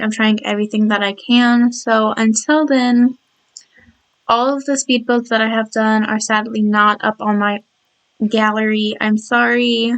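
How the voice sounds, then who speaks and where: Tired, slightly croaky woman chatting. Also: on the high side, low-quality recording. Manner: rambling and chatty, with many restarts. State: tired and yawning. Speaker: game builder talking over her build. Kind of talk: casual voice-over chat.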